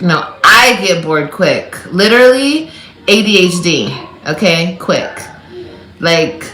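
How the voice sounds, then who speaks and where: A woman rambles to her viewers in a loose, animated live chat, her voice mid-pitched. The sound is roomy and echoey, with a faint hum underneath. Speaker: livestreamer.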